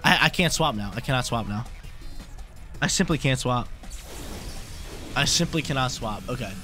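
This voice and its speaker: A young man giving excitable live commentary on his own game, talking to himself and repeating phrases. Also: medium pitch, normal speed, faint music behind. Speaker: gaming YouTuber.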